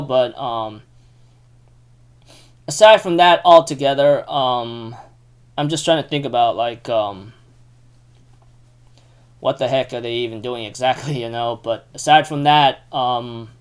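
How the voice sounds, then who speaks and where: Male anime reviewer, fairly high voice, casual, rambling recap full of fillers. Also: clear, resonant tone. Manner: rambling, heavy use of fillers.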